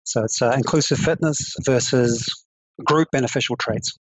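A man's voice: mid-range voice, slightly rough, no room sound, low-quality recording. A man with a New Zealand accent, a psychology professor and podcast guest, explaining carefully and hedging his claims. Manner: measured, careful explaining with hedges. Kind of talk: conversational interview.

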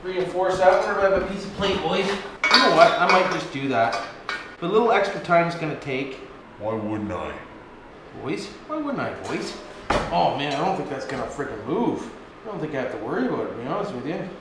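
A Canadian man rambles through his shop work in a high, lively voice, chatting to the boys and cursing as he goes. He sounds like he's in a big, echoey garage, and tool noise is clearly audible around him. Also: a little fast. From Ontario, Canada. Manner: folksy, rambling, swears a lot, keeps calling out to the boys. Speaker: DIY vlogger. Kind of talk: casual running commentary while working.

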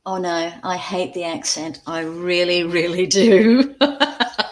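An older Scottish woman with an Australian accent hosts a casual live craft stream from her crafting table at home, recorded on a camera there. She chats with viewers and thinks aloud about measurements in a lowish voice, taking her time, though the recording quality is low.

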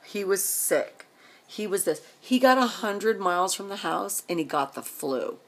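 A middle-aged woman vlogger rants emotionally to the camera, exasperated, firing off rhetorical questions and repeating herself. Her voice is medium in pitch, expressive, and unhurried.

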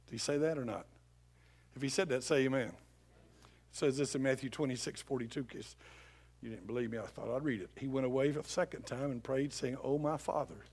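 A middle-aged male pastor preaching a sermon with passion, swinging from loud appeals to hushed pleading. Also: mid-range voice, brisk, slightly rough.

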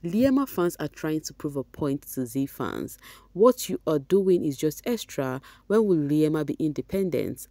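A woman's voice: deep voice, very animated, normal speed, mellow, no echo. Chatty woman vlogger. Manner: chatty, reads comments aloud, sprinkles Nigerian Pidgin. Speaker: vlogger reading fan comments. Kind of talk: casual commentary.

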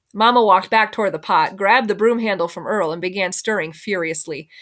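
A woman's voice: medium pitch, brisk, hardly any pauses, a bit bright. A woman teacher reading a first-person novel aloud in plain storytelling, sometimes correcting herself.

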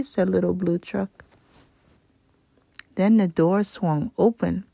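Slow gravelly woman reading a storybook. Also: mid-range voice, steady tone, no echo, clean studio sound. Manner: slow, gentle storytime reading with livelier animal voices. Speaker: children's book reader. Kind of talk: read-aloud storytelling.

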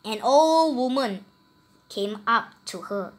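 A woman reading a picture book aloud to children, animated and pointing out the pictures as she goes. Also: on the high side, slow. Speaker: storyteller.

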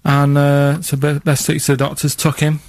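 Deadpan Manchester man on radio. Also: fairly high pitch, normal speed, dry recording. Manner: plain, matter-of-fact storyteller. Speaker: radio show regular. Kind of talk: casual radio banter. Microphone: studio microphone.

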